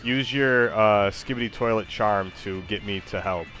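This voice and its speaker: Laid-back man with a lowish voice. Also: moderate pace, a bit bright, soft background music. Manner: laid-back, hesitant with fillers, amused. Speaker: user prompting an AI. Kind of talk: casual chat.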